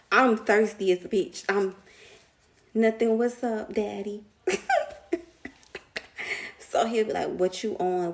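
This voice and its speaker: Chatty young woman, gravelly voice. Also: mid-range voice, darkish tone. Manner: chatty, slangy, laughs often, addresses viewers as y'all. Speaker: vlogger telling a story. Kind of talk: casual storytime.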